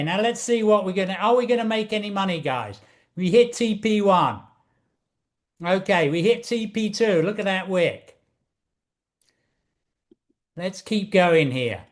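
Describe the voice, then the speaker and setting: A man walking through trading charts as an instructor, excitable and showy, repeating key phrases over and over. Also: high-pitched. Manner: excitable, repetitive, showman-like. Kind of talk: screen-share trading walkthrough.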